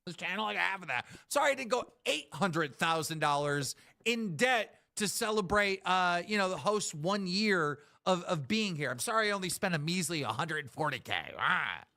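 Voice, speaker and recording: A man's voice: high voice, expressive, moderate pace, gravelly, bright, forceful tone. A man hosting a live stream, ranting in an exasperated, complaining way with plenty of swearing. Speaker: show host.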